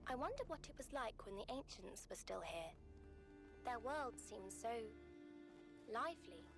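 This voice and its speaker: A woman's voice: on the high side, very animated, unhurried, gravelly, music in the background, heavily acted. A woman voicing a curious young female android who speaks in a wondering, wistful way.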